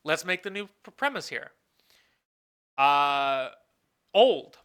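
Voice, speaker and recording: With a clear, resonant, slightly bright mid-range voice, a professor lectures slowly but animatedly in a recorded class. They think out loud, pose questions to students before answering them, and frequently correct themselves mid-sentence.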